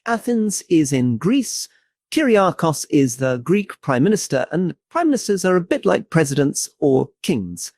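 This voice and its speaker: Guy playing a peppy condescending co-host, kinda high, very lively up-and-down voice. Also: a little slow, no echo, studio quality. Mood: patronizing. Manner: upbeat ad-read delivery, patronizing explanations. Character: chirpy male podcast co-host, condescending explainer. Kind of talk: satirical podcast parody.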